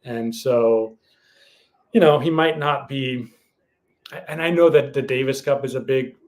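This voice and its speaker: Casting: male co-host, mid-pitched voice, hesitant and chatty, casual podcast talk. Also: a little slow, darkish tone. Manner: hesitant, many fillers and restarts. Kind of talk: casual chat.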